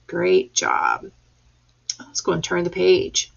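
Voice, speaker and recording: Lady teacher reading to little kids, slow and patient, gravelly husky voice, kinda lo-fi audio. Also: fairly low pitch, wildly swooping pitch. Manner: slow, patient, sounds out letters. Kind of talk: reading lesson for young children. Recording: dull lo-fi recording.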